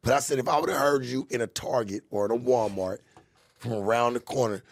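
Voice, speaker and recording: A man hosting a podcast in casual chat, with a raspy voice and a laid-back, joking way of talking that swears freely. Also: mid-range voice, a little fast, no room sound. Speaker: podcast host.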